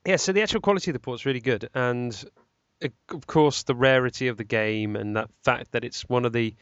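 A man co-hosts a podcast in casual conversation, rambling, correcting himself and using lots of ums. His voice is medium-pitched, fairly quick and clean in tone, with no echo. The recording is dry, dull and slightly lo-fi.

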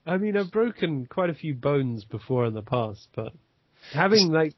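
A man's voice: on the high side, very animated, normal speed, no room sound. A man co-hosting a podcast, telling a story in a rambling, self-deprecating way. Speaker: podcast co-host. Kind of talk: casual podcast chat. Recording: dry, dull lo-fi sound.

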